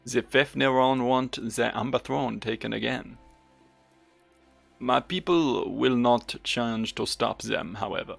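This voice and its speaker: A solemn bird-folk exile from a fantasy game, clipped and grave in a shaky mock French accent, as a gamer puts him on. The voice is heavily gravelly and sits at a middling pitch. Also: male voice, takes it slowly, fairly bright tone, faint music behind, heavily acted. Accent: put-on French. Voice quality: accent degrading as it goes.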